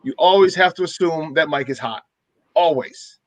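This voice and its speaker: A man's voice: fairly high pitch, moderate pace, dry recording, low-quality recording. A man co-hosting a sports talk show, emphatic and repeating words for stress. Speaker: co-host.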